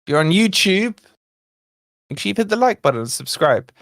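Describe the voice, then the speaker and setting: A man hosting a live fan watch-along, commentating on play and chatting with viewers, excitable and quick to shout at near misses and fouls. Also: sits high, gravelly. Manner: chatty, talks to viewers and co-host. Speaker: fan channel host.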